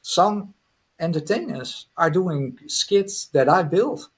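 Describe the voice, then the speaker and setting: Husky-voiced man hypnotist. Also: high voice, lively intonation, slow. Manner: earnest, direct, giving advice. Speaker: guest hypnotist. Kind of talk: podcast advice talk and guided hypnosis.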